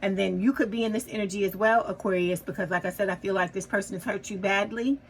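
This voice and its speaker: This tarot reader speaks quickly at a medium pitch with fairly even intonation, keeping things chatty and comforting for her viewers and checking in often with "okay?" A bit of hiss or hum runs through the low-quality audio.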